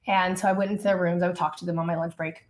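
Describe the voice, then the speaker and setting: A woman who works as a leadership coach appears as a podcast guest, telling a personal story in a lively, casual way. Her fairly low voice comes out rapid-fire, packed with fillers like "like" and "you know," and she acts out her own past dialogue.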